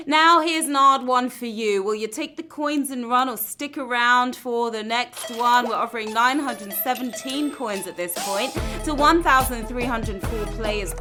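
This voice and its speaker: A woman hosting a live trivia game show, playful and full of puns, with show music behind her. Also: mid-range voice. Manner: playful, punny and upbeat. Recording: phone recording of a stream with music behind.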